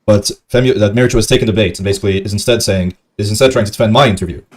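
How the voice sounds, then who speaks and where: A man's voice: lowish voice, rapid-fire. A man streaming commentary on a debate clip, rambling with lots of ums and chuckling at his own jokes. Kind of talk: casual commentary.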